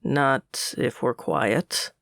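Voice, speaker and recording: A man voicing a haunted, guarded young male warrior in an audiobook, with tense, clipped replies and a gravelly voice. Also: fairly high pitch, slow, dry recording, clean studio sound. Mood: strained. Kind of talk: audiobook character dialogue.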